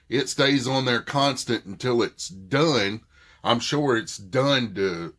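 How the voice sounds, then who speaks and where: Slow-talking Southern man telling a story. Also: mid-range voice, a bit bright. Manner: retells a dispute, quoting both sides. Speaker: vlogger. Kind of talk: casual storytelling.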